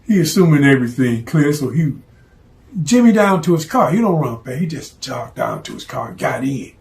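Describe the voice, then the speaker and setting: A blunt, streetwise man recounting a story in plain, profane talk. His voice sits a touch higher than most men's, and he keeps it casual and direct. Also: expressive, moderate pace, darkish tone.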